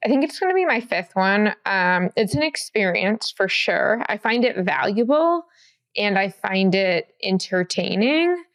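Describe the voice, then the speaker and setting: A young woman sports reporter chats casually on a podcast, telling stories with wry, easy humor. Her voice has a mid pitch and a gravelly fry running through it. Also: unhurried. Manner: wry, relaxed storyteller.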